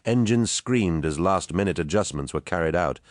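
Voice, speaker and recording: A man reading an audiobook in steady, measured scripted narration on a close studio mic. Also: deep voice, dry recording.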